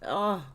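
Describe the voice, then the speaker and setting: A woman hosts a live chat stream, reading her viewers' comments aloud. She is tearful and emotional, and her voice sits at an ordinary middle pitch. Her delivery is casual and unscripted. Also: creaky, slightly rough. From Australia. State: crying. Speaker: livestream host.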